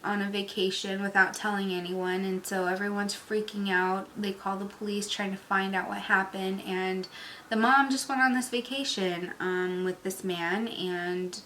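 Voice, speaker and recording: A woman talking casually about a book she read, telling it in an emotional, animated way with lots of fillers. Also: medium pitch, normal speed, slight background noise, poor audio. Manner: emotional, animated storytelling with many "like" and "you know". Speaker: book reviewer. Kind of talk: casual book review talk.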